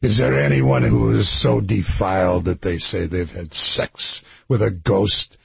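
A man's voice: on the low side, steady tone, creaky, husky, no room sound, highs cut off, full character voice. A man voicing a stern Irish priest in a joke, with a put-on Irish accent that slips toward Scottish. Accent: put-on Irish that drifts Scottish. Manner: slow, grave preaching tone.

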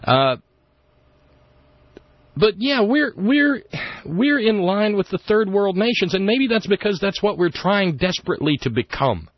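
A man's voice: sits high, big pitch swings, a little slow, no echo, dull audio. A man hosting a talk radio show, with wry, rambling opinion talk and sarcastic asides, at a studio microphone.

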